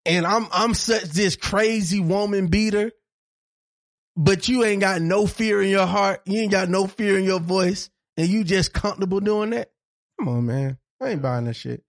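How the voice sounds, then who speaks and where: Heated, profane man with a high voice. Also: moderate pace, no room sound, studio quality. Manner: heated, profane, repeats points for emphasis. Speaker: podcast co-host. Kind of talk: casual chat.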